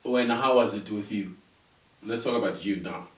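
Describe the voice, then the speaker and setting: A middle-aged South African man chats easily, low in pitch and prone to repeating himself. His voice sounds roomy and a little distant from the mic. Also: normal speed. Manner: easygoing, repeats words and chuckles often. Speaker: podcast host and father. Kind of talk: casual conversation.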